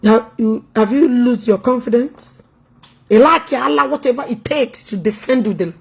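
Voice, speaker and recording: A woman's voice: fairly high pitch, normal speed, creaky, husky. A Nigerian woman with an Igbo accent giving a taunting, confrontational commentary vlog, switching between languages and scolding her target. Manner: taunting, confrontational, loud and teasing. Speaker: online commentator. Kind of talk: mocking commentary vlog, mixing Igbo, English and Pidgin.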